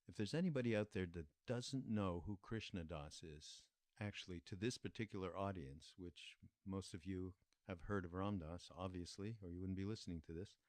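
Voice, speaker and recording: An older man hosting a podcast, recalling a story in an unhurried, reflective way and pausing often with fillers. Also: sits low, a little mellow, no echo. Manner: unhurried, halting with many fillers. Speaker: podcast host.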